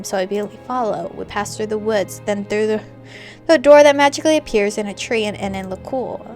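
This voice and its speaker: A young woman reading a visual novel aloud and reacting with loud, animated outbursts between the narration. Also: on the high side. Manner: expressive, jumps to loud excited reactions. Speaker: gamer. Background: faint game music.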